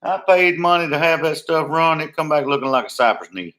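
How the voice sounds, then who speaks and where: A man's voice: on the high side, lively intonation, a little fast, fairly bright tone. Easygoing man, joking drawl. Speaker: co-host of a live cooking chat stream. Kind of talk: casual chat.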